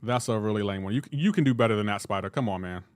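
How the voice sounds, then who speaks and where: Animated young male game streamer. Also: fairly low pitch, rapid-fire, dry recording, clean studio sound. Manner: animated, joking with chat. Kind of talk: live game stream chat.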